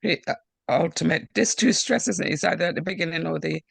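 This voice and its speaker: A man's voice: a little high, brisk, gravelly, fairly bright tone, husky, dry recording. A man in an online class, a student who answers the teacher's questions.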